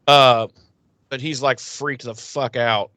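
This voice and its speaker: A man's voice: medium pitch, fairly even intonation, slow pace, bright, forceful tone, no room sound. Man casually recapping a TV episode. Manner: rambling retelling with acted-out quotes and swearing. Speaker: podcast co-host.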